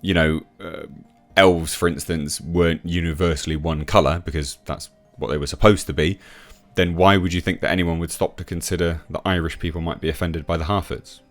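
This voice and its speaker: A man with a very low voice runs a scoffing commentary vlog, breaking off often with filler sounds. Soft music plays faintly underneath. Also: fairly even intonation, fairly quick, few pauses. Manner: mocking, scoffing, frequent uh fillers. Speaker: YouTube commentator.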